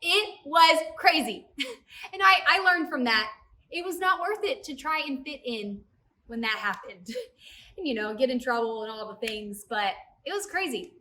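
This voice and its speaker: A young woman with a high, bright voice tells a story to a youth group in a lively way, often turning to speak straight to the kids. She sounds a bit distant from the mic, and soft music plays underneath. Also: a little slow, slight background noise. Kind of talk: personal story in a youth service talk.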